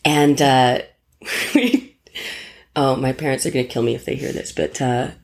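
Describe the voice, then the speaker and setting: Woman stage actor, low register; candid, self-deprecating chat guest with a salty mouth. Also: steady tone, measured pace, vocal fry. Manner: candid, self-mocking, swears freely. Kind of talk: casual anecdote in conversation.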